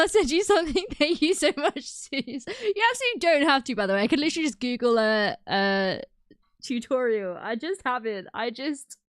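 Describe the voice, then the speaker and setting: A woman's voice: a little high, no room sound, studio quality. A young woman streaming, chatting casually with her viewers, bubbly and giggly, often breaking into laughter. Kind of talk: casual chat with live chat.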